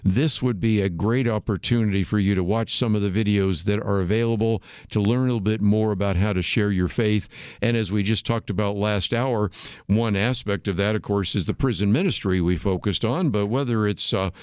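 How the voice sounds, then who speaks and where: A man hosting a radio talk show, speaking in a measured, formal way. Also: on the low side, darkish tone, clear, resonant tone, no echo, clean studio sound. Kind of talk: radio interview.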